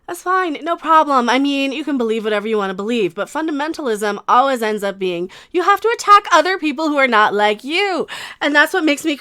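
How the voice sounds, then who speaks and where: A woman's voice: high voice, animated, a little fast, pushed and bright. A woman YouTuber ranting in a commentary vlog, sarcastic and crude, often repeating herself.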